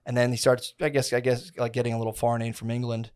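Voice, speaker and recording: A man's voice: mid-range voice, completely flat delivery, quick pace, darkish tone, clean tone. Man, 30s, podcast co-host, rambling, profane, slangy, casual chat.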